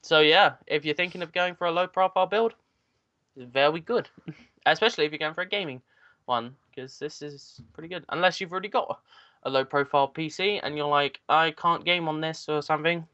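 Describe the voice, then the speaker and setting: A man's voice: a little high, brisk, sharp tone, clear, resonant tone, no room sound. Man, podcast co-host, rambling tech chat, muffled dry lo-fi audio. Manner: rambling, filler-heavy tech talk. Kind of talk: casual chat. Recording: dull lo-fi dry sound.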